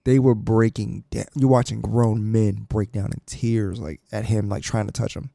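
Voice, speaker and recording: A man co-hosting a podcast, telling an excited, profanity-heavy travel story in casual chat. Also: fairly low pitch, moderate pace, gravelly, no room sound, studio quality. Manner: excited storytelling, heavy swearing, laughs often. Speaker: podcast co-host.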